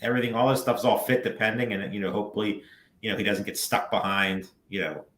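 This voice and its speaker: A low-voiced man co-hosts a casual podcast chat, quick to chime in with firm opinions. His voice carries a roomy echo around it. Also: fairly even intonation, a bit bright, slight background noise. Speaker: podcast co-host.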